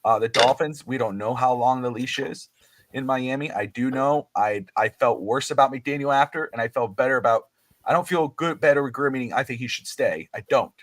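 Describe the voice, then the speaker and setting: A man hosting a casual sports talk show, animated and opinionated, with many fillers and restarts. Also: mid-range voice, fairly quick, dry recording. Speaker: podcast host. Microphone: livestream mic.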